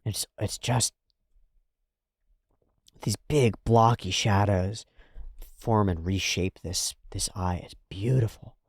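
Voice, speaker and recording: Male reaction host with a low voice, animated and profane, dry close sound. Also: slow pace, long pauses, breathy edge, no echo. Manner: animated, swearing, swings between loud and hushed. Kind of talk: casual reaction commentary.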